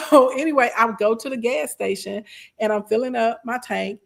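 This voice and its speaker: A young adult woman, casually telling a story to her live stream chat, sassy and animated. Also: a little high, normal speed, creaky. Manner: animated, sassy, acts out quoted voices.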